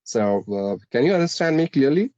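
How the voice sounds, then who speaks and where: A man with a mixed Indian, American and British English accent, speaking in a measured, explanatory way with frequent pauses and restarts in a casual conversation. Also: on the high side, big pitch swings, dark tone, dry recording, highs cut off.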